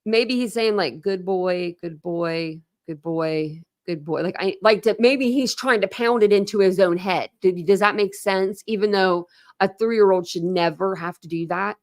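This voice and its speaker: A woman's voice: mid-range voice, fairly even intonation, moderate pace, dry recording, clean studio sound. A woman hosting a true crime live stream, reading court documents aloud and stopping to react in a rambling, openly upset way. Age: adult with a young son. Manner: conversational, full of "like" and restarts, openly upset. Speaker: true crime channel host.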